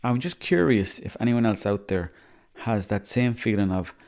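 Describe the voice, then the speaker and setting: A man's voice: lowish voice, animated, moderate pace, darkish tone. A young Irish man hosting a podcast, rambling in a chatty, casual monologue and swearing freely. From Ireland. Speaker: podcast host.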